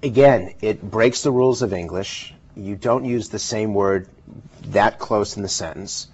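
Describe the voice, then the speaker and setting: Husky man explaining in a TV interview. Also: lowish voice, a little slow, darkish tone. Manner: emphatic, explanatory. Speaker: political pollster guest. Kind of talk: televised interview. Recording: dull lo-fi television audio.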